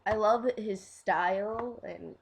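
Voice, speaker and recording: A young woman hosts a casual fan vlog in an easy, mid-pitched voice. She talks at a slow, drawn-out pace. Her thoughts wander, and she trails off and starts again with little giggles. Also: creaky, a little hiss or hum. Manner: rambling, giggly, trails off and restarts. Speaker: fan video host.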